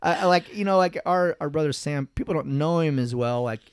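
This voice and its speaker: A man's voice: fairly high pitch, fairly quick, clear, resonant tone, dry recording, studio quality. A middle-aged man telling family stories in a casual chat. He rambles, corrects himself and laughs between anecdotes. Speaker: family member recalling childhood.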